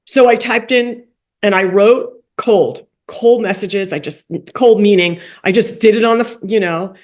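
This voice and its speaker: Animated woman telling a story. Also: unhurried. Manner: animated, acts out quoted dialogue with big pitch jumps; drops into soft, quiet asides. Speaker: guest, coach for rabbis and playwright. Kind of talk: storytelling in a podcast interview.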